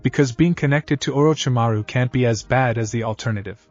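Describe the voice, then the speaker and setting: A man's voice: medium pitch, brisk, faint music behind, close to an everyday voice. Guy reading a bitter young ninja boy, plain read-aloud lines, muffled audio. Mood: weary.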